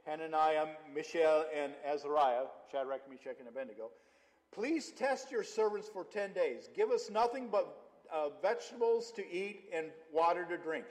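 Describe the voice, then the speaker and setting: A man's voice: a little high, animated, normal speed, a little mellow. A male pastor preaching a conversational sermon, mixing scripture with personal stories. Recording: long hall reverb.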